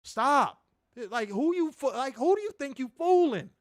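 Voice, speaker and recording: Lively high-voiced ranting man. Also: normal speed, no room sound, clean studio sound. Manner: emphatic, profane, mocking. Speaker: podcast host reviewing wrestling. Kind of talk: casual ranting review.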